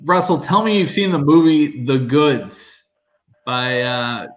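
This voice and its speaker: A man's voice: on the high side, lively intonation, slow pace, rough recording. A man appearing as a guest on a live stream, chatting and joking playfully. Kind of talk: casual live-stream chat.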